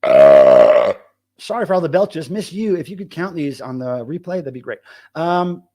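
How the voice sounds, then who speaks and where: A man's voice: fairly high pitch, fairly quick, darkish tone. A middle-aged man hosting a casual live stream, reading the chat aloud and talking loosely with plenty of swearing. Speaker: livestream host.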